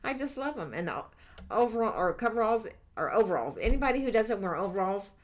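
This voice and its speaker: A woman's voice: medium pitch, very animated, a little fast. A middle-aged woman hosting a live angel-reading stream, chatting candidly and rambling with lots of fillers. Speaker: livestream angel reader. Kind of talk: chatty livestream talk reading out viewer comments.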